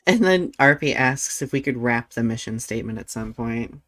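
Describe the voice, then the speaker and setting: A male podcast host with a mid-pitched voice and a lively, chatty manner. He laughs readily and fills his talk with casual fillers as he introduces the topic. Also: normal speed. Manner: animated, laughs easily, many "like" fillers. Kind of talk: casual chat.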